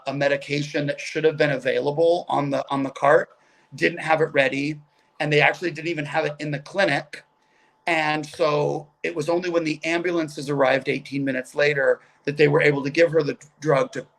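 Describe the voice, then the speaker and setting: His voice fairly high and creaky, a middle-aged comedian joins a video call as a guest and relates stories casually. He's animated and talkative, dropping in quick asides as he goes.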